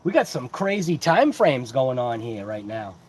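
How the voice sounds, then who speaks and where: A man's voice: medium pitch, very animated, unhurried, darkish tone, slightly rough. A man hosting a casual livestream who rambles along and greets chat viewers by name. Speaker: host of a hobby livestream. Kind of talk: casual live-chat unboxing.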